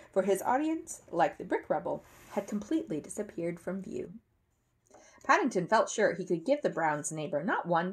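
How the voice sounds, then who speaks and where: Female storyteller, animated read-aloud, husky voice. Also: medium pitch. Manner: expressive, animated. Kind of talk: reading a children's book aloud.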